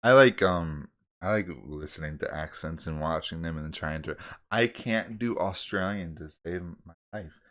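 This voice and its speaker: A man with a very low voice talks casually on a podcast. He laughs as he speaks, relaxed and unhurried. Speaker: podcast co-host. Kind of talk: casual chat.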